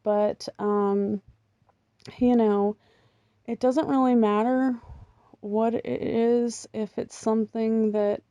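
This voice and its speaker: A woman's voice: on the high side, fairly even intonation, slow pace, long pauses, mellow, dry recording. A middle-aged American woman talking casually in a vlog, rambling and chatty with lots of ums and little laughs. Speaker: vlogger. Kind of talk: casual chat.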